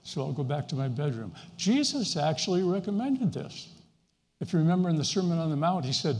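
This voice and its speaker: A middle-aged man gives an earnest, conversational sermon with a gravelly edge to his somewhat raised voice. His words ring out with a long reverberating tail of a large hall. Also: a little high, sing-song, moderate pace, darkish tone. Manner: earnest, conversational preaching with fillers. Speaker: pastor.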